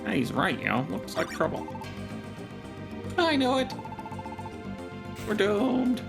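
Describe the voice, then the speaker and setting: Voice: medium pitch, very animated, slow, gravelly, music in the background. A let's play co-host reading game dialogue with playful, wry asides.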